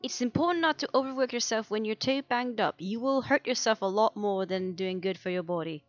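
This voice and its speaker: A woman voicing a big, soft-hearted young man who worries easily and tears up, in a high fretful voice, for a tabletop game. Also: fairly quick, highs cut off, close to an everyday voice. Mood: fond. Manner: high fretful voice, frantic and doting.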